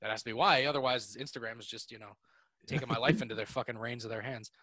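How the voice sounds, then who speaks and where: A man's voice: mid-range voice, fairly even intonation, quick pace, sharp tone, dry recording. A young man hosting a podcast, chatting casually and jokingly with lots of fillers. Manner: rambling, joking, many fillers. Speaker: podcast host. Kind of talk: casual chat.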